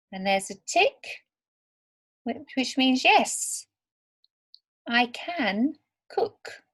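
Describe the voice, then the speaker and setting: Woman English teacher for beginners, slow deliberate pace, fairly high voice. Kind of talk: slow, clear lesson for beginner learners.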